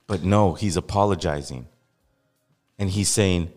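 A man's voice: lowish voice, lively intonation, unhurried, in a large hall, faint music behind. A man from Los Angeles hosting a podcast, giving blunt, heated commentary with repeated emphasis. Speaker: podcast host. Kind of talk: casual opinionated commentary.

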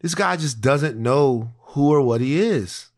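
A man's voice: medium pitch, animated, unhurried, a little mellow. A man co-hosting a podcast, talking earnestly and thinking aloud in casual chat. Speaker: podcast co-host.

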